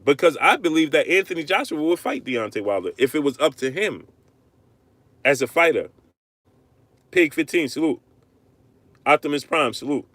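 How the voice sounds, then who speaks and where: A man hosting a live-stream boxing rant, arguing hard, repeating himself and shouting out viewers. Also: a little high, normal speed, pauses often, no echo. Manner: animated, repetitive, argumentative, shouting out viewers. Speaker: livestream host.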